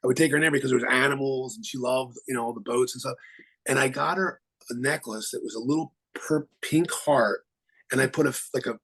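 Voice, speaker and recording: A man, an attorney, speaking as a guest in a casual interview, halting with many restarts and fillers. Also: medium pitch, fairly bright tone, slightly rough, poor audio.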